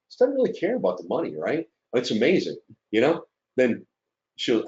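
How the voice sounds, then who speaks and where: A man's voice: medium pitch, wildly swooping pitch, normal speed, darkish tone, lo-fi sound. A man presenting his trading story to fellow students in an earnest, emotional way, with lots of fillers and asides. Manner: earnest and emotional, filler-heavy, checks in with "right?". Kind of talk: casual webinar presentation.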